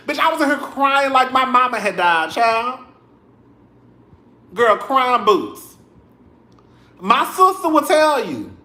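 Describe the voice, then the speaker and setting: A young man giving sassy, animated commentary straight to his viewers in a casual vlog, full of cussing. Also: very high voice, echoey room. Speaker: vlogger. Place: home room.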